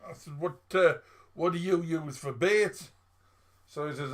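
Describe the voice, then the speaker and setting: A middle-aged man, the host's father, telling dad jokes slowly and deadpan in a casual chat. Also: fairly high pitch. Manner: slow, deadpan pun-telling.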